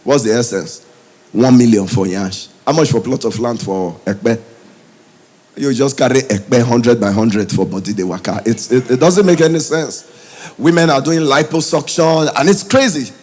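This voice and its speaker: A Nigerian man doing stand-up comedy in Pidgin English, telling stories in an animated way. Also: mid-range voice, moderate pace. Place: comedy stage before a live audience.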